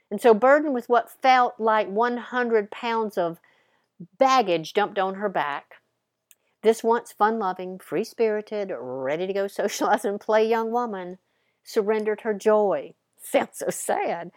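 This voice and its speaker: A woman hosts a podcast and delivers a storytelling monologue, voicing characters in a playful, dramatic way. Her medium-pitched voice is a little slow, recorded at studio quality with no room sound.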